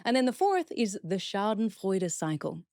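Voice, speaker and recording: A woman's voice: mid-range voice, big pitch swings, normal speed, dark tone, no room sound, clean studio sound. A woman speaking as a guest expert in a podcast interview, explaining steps earnestly and acting out example phrases.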